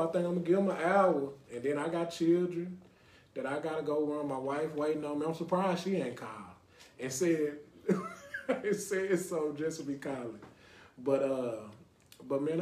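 A young adult man from Dallas, Texas, hosts a casual podcast, rambling from one thought to the next and checking in with "you know what I mean." His darkish voice sits a little high for a man, with a noticeable roomy echo on the recording.

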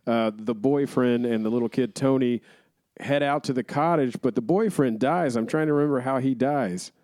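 A man co-hosting a podcast, relaxed, chiming in to fill in details of a movie's plot. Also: medium pitch, moderate pace, no echo. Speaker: podcast co-host. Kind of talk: casual chat.

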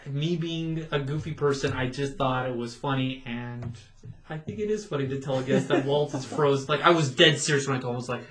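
A podcast co-host in his thirties tells stories in a casual, animated chat, laughing often and acting out what people said. His voice is mid-range and fairly quick.

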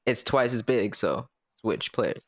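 A man's voice: on the low side, lively intonation, slow pace, a little hiss or hum. A man co-hosting a sports podcast, asking playful questions and reacting with amazed exclamations. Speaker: podcast co-host. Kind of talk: casual sports chat.

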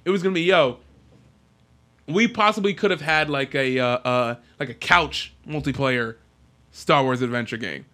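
A man co-hosting a podcast, chatting casually and excitedly about video games, rambling with lots of fillers. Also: medium pitch, moderate pace. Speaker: podcast co-host.

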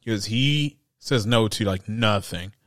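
A man's voice: on the low side, slow, dry recording, studio quality. A man co-hosting a podcast in casual chat, rambling with lots of laughs and acted-out quotes. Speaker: podcast co-host.

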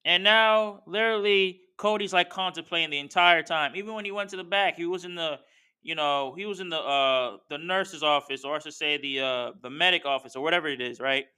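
A man's voice: fairly high pitch, fairly quick, pushed and bright, clean tone. A man hosting a podcast, giving a slangy, heated commentary rant and talking straight to the people he discusses. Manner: slangy, heated, talks straight to wrestlers and fans. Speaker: podcast host. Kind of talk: casual wrestling commentary rant.

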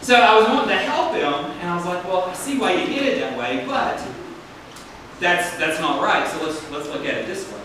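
A man's voice: high voice, very animated, moderate pace, background noise. A male pastor preaching a sermon to a congregation, speaking in a preaching cadence that draws responses from the room. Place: church sanctuary. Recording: echoey hall, picked up from a distance.

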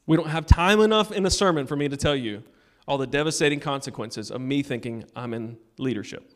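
A male pastor giving a sermon, telling a personal story and urging the congregation, moving between loud appeals and hushed moments. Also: medium pitch, fairly quick. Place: church sanctuary.

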